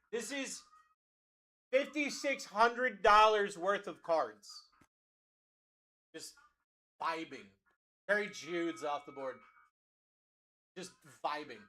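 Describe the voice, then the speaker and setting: A man hosts a live card-break stream with a high, bright voice. He keeps up a fast, hyped sales patter and talks straight to chat as he calls out players. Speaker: card break livestream host.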